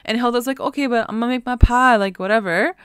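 A young woman co-hosting a podcast, chatting excitedly in slang about a TV episode and acting out lines. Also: on the high side, quick pace, clean tone, dry recording, clean studio sound. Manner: slangy, excitable, acts out quotes. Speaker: podcast co-host. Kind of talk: casual recap chat.

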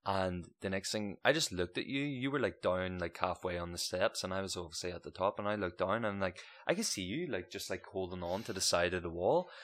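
A young man tells a story to his co-host in loose, profane chat. His voice sits low, and it shoots up high whenever he quotes someone. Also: brisk, hardly any pauses. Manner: animated, swearing, jumps up in pitch for quoted voices. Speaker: podcast co-host.

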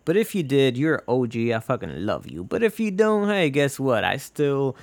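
A man's voice: medium pitch, very animated, moderate pace, no echo. A man hosting a casual solo podcast, rambling from tangent to tangent, swearing and joking. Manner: rambling, profane, jokey. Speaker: podcast host.

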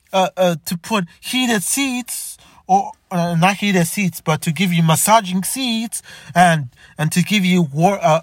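A car vlogger with a mid-range voice rants to camera in exasperation, often stumbling, restarting sentences, and repeating "come on." The clean studio recording has no echo.

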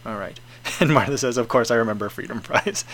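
A man's voice: medium pitch, very animated, normal speed, fairly bright tone, slight background noise. A man from the United States hosting a live stream, chatting casually through viewer comments with many fillers, restarts and chuckles. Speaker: livestream host reading viewer comments. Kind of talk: casual chat.

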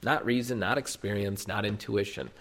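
A man's voice: fairly low pitch, steady tone, normal speed, a bit bright. A man preaching a sermon as a Lutheran pastor, explaining doctrine emphatically and posing rhetorical questions to the congregation.

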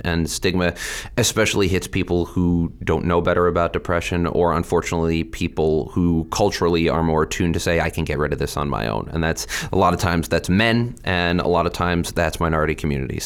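Low-voiced male guest, lively storyteller, quick-tempered, plays out quotes. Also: smooth. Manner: animated, quick to anger, acts out quotes. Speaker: state legislator and guest. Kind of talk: interview answers.

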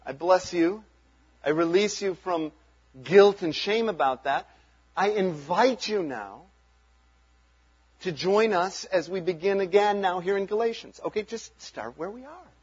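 High-voiced husky man preaching. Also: a little slow, dull audio. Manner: conversational, earnest, chuckles between points. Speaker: pastor. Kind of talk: sermon.

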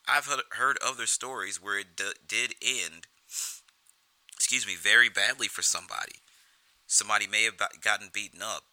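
A man's voice: fairly low pitch, moderate pace, sharp tone, dry recording, rough recording. A man giving casual film commentary in a profane, rambling way, often restarting his sentences.

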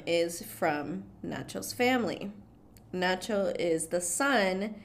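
Animated woman recapping a movie. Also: lowish voice. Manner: animated storytelling with swearing and quoted voices. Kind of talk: casual chat.

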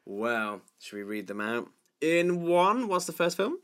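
A man's voice: on the high side, very animated, a little slow, a bit bright, clear, resonant tone. Teasing man co-hosting a film podcast. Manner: teasing, dry banter. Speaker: podcast co-host. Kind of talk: casual film podcast chat.

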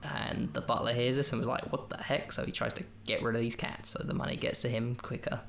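A man's voice: medium pitch, flat delivery, fairly quick, creaky, fairly bright tone, a little hiss or hum. A man hosting a podcast, chatting casually about a film in a rambling, jokey and self-amused way. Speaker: podcast host. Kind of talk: casual film review chat.

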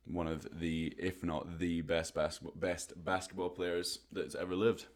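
A young man with a British accent and a low voice, co-hosting a casual podcast. He chats in a relaxed, joking way and wanders through his points with plenty of fillers. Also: moderate pace. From United Kingdom. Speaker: podcast co-host.

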